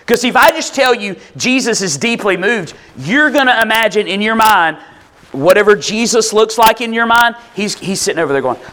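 A man's voice: high voice, animated, moderate pace, sharp tone. A male pastor preaching a conversational, expository sermon, firing rhetorical questions at the congregation.

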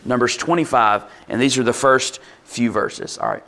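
A man's voice: medium pitch, huge pitch swings, moderate pace, creaky, sharp tone. A man preaching a conversational sermon to his congregation, with asides and restarts, acting out quoted lines in a livelier voice. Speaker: pastor.

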